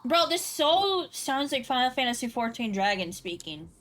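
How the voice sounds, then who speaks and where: A woman's voice: a little high, big pitch swings, normal speed, a bit bright. A woman streaming a game, chatting casually and reading game text aloud.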